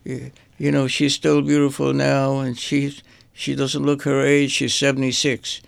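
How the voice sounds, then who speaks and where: Older male artist, gravelly and monotone, halting storyteller. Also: mid-range voice, dry recording. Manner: halting, repeats words while searching for them. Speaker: artist guest. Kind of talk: rambling personal reminiscence.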